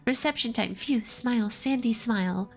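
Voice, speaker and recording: A woman streamer plays a game, reading its text aloud and laughing as she chats casually in let's-play style. Her voice is on the high side at a normal pace, with faint music behind her.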